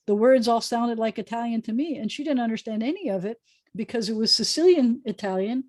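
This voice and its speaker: A woman's voice: a little high, fairly quick, a little mellow, no room sound. A woman rabbi giving a casual online lesson over a video call, chatty and thinking aloud with many fillers. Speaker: rabbi teaching a class.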